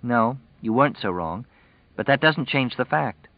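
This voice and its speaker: A man voicing a sharp-tongued young pregnant woman, cool and sarcastic in her replies. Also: mid-range voice, animated, normal speed, no echo, highs cut off, voice pushed up, natural voice.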